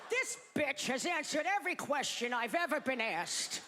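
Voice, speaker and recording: A woman's voice: high-pitched, lively intonation, normal speed, bright, forceful tone, a little hiss or hum, voice pushed up. A woman voicing a worn-down old grandfather who begs for help in a stand-up bit. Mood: pleading. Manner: pleading, desperate. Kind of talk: stand-up act-out.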